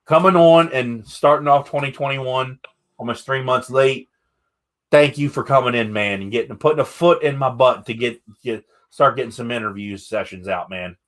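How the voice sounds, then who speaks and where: A man's voice: medium pitch, moderate pace, a bit bright. Candid, rambling male podcast host. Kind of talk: casual interview chat.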